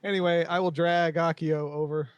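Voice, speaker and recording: A man with a slightly higher voice joking around with his friends during a tabletop game. His playful banter is recorded close and dry, with no room sound. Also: level tone, moderate pace, smooth, no echo. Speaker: player. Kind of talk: casual tabletop game chat.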